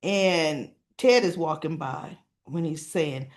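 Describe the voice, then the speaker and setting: A woman's voice: deep voice, slow. Chatty woman recapping a soap episode. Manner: chatty, with frequent "right?" asides. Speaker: soap opera reviewer. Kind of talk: casual recap.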